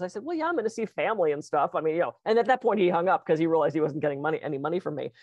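Fast-talking woman telling stories. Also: fairly low pitch. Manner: animated, acts out voices in anecdotes. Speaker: hypnotist, podcast guest. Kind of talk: casual conversation.

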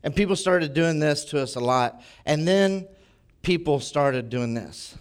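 A man preaching a sermon as pastor, telling a personal story in a conversational, animated way. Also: a little high, a little slow, clear, resonant tone.

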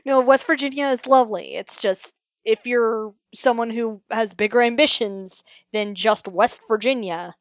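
A woman's voice: a little high, a little slow, no echo, studio quality. A woman in casual chat, giving blunt, wry commentary with plenty of swearing. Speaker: podcast co-host.

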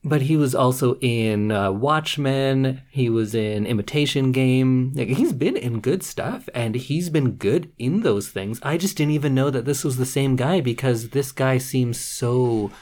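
A woman's voice: a bass voice, a little slow, hardly any pauses, darkish tone. A woman co-hosting a casual movie review chat, opinionated and dry in her sarcasm. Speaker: podcast co-host.

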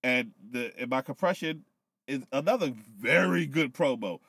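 A man on a podcast, casually recapping wrestling with loose, profane, animated storytelling, a little tipsy. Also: mid-range voice, moderate pace, vocal fry, husky, no room sound. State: tipsy from whiskey. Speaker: podcast co-host.

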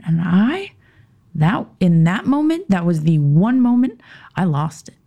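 A woman guest on a podcast telling a personal story in conversation. She talks haltingly, with restarts and pauses, and drops into a tense whisper when she gets heated. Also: on the low side, very animated, creaky, mellow.

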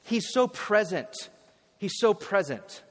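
A man preaching a sermon in an animated way, with sudden loud bursts and frequent restarts. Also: sits high, takes it slowly. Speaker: pastor. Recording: hall reverb.

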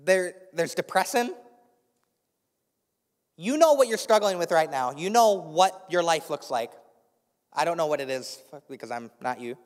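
A man preaching in an earnest, searching way, with a slight lisp and a somewhat raised pitch. He often restarts his phrases and sometimes sinks to a soft, quiet tone. His voice rings out with the long reverb of a large church hall. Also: animated, a little slow, long pauses. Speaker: pastor. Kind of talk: sermon. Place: church sanctuary with a live congregation.

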